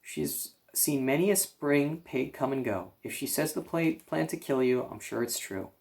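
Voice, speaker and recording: A man reading aloud and voicing a wise, gentle female spider who speaks sweetly and calmly. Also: mid-range voice, normal speed, gravelly. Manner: sweet and calm.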